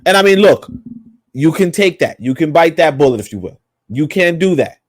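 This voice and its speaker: In a dry, clean studio recording, this podcast co-host rambles through casual opinionated chat, emphatic and profane. His voice sits on the high side and is animated, moving at a normal speed.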